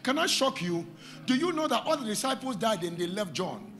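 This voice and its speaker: A man preaching a sermon, calling out to the congregation and rising into shouted, sing-song lines. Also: sits high, big pitch swings, fairly quick.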